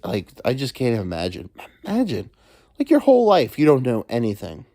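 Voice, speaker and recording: A man's voice: mid-range voice, huge pitch swings, fairly quick, dark tone, dry recording, studio quality. A man hosting a solo podcast from home, rambling crudely with joking asides. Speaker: podcast host. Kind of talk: casual solo monologue. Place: alone at home.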